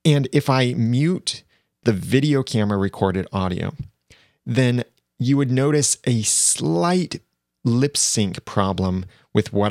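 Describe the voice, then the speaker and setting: A man teaching video editing software in a plain, step-by-step way, recorded on a lavalier mic. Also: on the low side, no echo, studio quality. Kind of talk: screen-recorded software tutorial.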